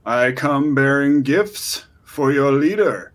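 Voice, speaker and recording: Guy doing a pompous goblin show-off, big theatrical boasting, higher voice. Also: lively intonation, slow. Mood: grandiose. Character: boastful grandiose goblin adventurer.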